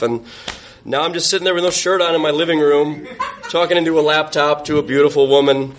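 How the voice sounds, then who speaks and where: A man tells a personal story on a live stage in a casual, self-mocking way, with a slightly higher voice. He laughs often through the telling. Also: a little fast, a little hiss or hum.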